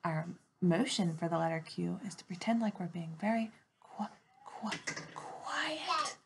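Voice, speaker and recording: A woman teacher giving a phonics lesson to young children from home, slowly and clearly modeling letter sounds in an animated, sing-song way. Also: on the low side.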